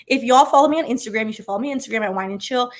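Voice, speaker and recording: Woman, 30s, channel host and ex-lawyer; chatty, animated delivery with a slightly high voice and constant tangents. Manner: chatty, animated, quick tangents, many filler likes. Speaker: channel host, former attorney. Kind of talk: casual chat, reacting to viewer comments.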